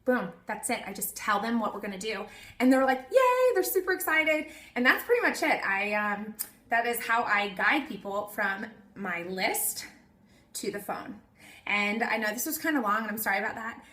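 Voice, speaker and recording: A woman's voice: medium pitch, normal speed, bright, forceful tone, roomy sound. A woman giving a casual how-to talk to her team, chatty and acting out the texts she sends. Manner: chatty, acts out her texts in quoted voices. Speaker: network marketing team leader. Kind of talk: casual instructional video talk.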